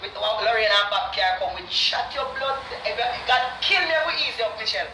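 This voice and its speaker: A woman's voice: medium pitch, animated, a little fast, pushed and bright, slight background noise. Jamaican woman ranting hard, lots of cussing, distant echoey live-stream sound. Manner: cursing, repetitive, heated. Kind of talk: angry insulting rant.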